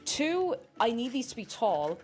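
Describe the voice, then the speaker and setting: A woman's voice: on the high side, very animated, measured pace, a little mellow, soft background music. A woman streamer chatting casually and playfully while she cooks, rambling from one thought to the next. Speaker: cooking streamer.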